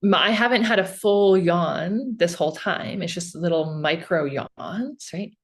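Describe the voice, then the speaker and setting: Earnest explaining woman, lowish voice. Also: unhurried, slightly rough. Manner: earnest, explanatory, often asks "right?". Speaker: podcast guest. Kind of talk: casual podcast conversation.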